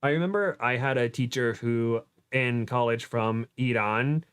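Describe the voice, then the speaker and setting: Smooth-voiced giggly young man. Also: mid-range voice, normal speed, hardly any pauses, fairly bright tone. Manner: giggly, self-deprecating. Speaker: podcast guest. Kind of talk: casual chat.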